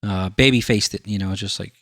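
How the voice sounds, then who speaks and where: A man's voice: lowish voice, fairly quick, fairly bright tone, no echo. Male podcast host, casual storyteller, acts out quoted voices; dry, close sound.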